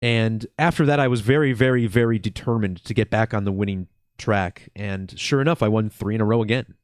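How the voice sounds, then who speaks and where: A man's voice: fairly low pitch, clear, resonant tone, no room sound, clean studio sound. A man hosting his own channel, talking casually and unhurriedly with lots of ums while congested from a cold. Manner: relaxed, slow and chill, with many fillers. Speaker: channel host. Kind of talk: casual video commentary.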